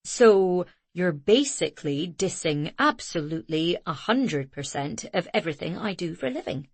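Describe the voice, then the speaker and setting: Lady reading as a gentle bookish guy, lower and slower than her own voice, dry close sound. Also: lively intonation, dry recording. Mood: dismayed. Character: shy bookish man, gentle and fussy.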